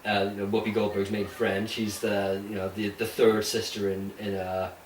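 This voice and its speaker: A man's voice: lowish voice, flat delivery, moderate pace, a little hiss or hum. A man co-hosting a casual podcast, rambling and restarting sentences, laughing easily. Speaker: podcast co-host. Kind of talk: casual chat. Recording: roomy, distant mic with faint ambience.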